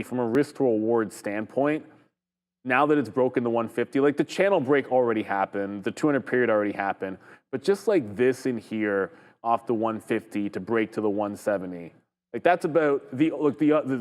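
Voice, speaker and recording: A man's voice: mid-range voice, a little mellow, long reverb tail. A Canadian man co-hosting a live trading show, chatting loosely and reading viewer comments aloud.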